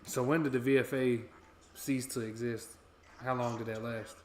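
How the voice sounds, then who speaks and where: Excitable American guy, roomy sound. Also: medium pitch, normal speed, slight background noise. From United States. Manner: excitable, swears freely, reads chat aloud and reacts. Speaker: co-host of a footy watch-along. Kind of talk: casual reaction chat. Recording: roomy echo.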